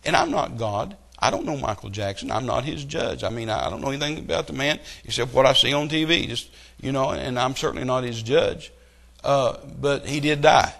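Preacher, middle-aged man, animated storyteller, builds to loud emphatic peaks, mid-pitched voice. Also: a little fast, gravelly, few pauses. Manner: animated storytelling with rising outbursts. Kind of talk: sermon.

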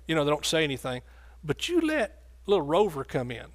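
Preacher guy, folksy and jokey, kinda high voice, sermon. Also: huge pitch swings, a little fast.

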